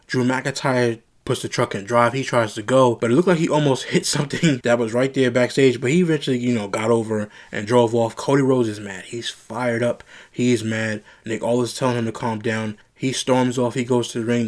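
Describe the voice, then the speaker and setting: A man hosting his own show, casually recapping a wrestling broadcast in a rambling style, retelling the dialogue and lifting his voice when excited. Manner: animated, rises in pitch when excited.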